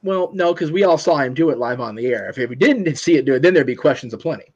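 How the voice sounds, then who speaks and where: A man's voice: a little high, animated, fast talker, a little mellow, slightly rough, muffled recording. A man on a casual show who chats along with the host, repeats words and calls people brother. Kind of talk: casual chat.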